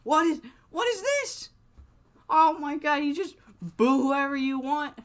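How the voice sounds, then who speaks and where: A man voicing a whiny male wrestler, yelling indignantly at a booing crowd. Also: very high voice, lively intonation, unhurried, pitched above the performer's own voice.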